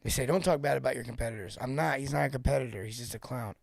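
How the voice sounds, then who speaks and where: A man coaching plumbing technicians on a live show, emphatic and animated, hammering his points home through repetition. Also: medium pitch, rapid-fire, vocal fry, hardly any pauses, no echo, clean studio sound.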